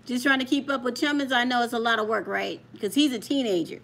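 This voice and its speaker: A woman's voice: fairly high pitch, quick pace, creaky, a bit bright, a little hiss or hum. A woman hosting a casual live stream from home on a handheld phone. She chats straight to her viewers and keeps telling a child to stop touching things. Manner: chatty, talks straight to viewers while scolding a child off-camera. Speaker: coin channel host. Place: home room.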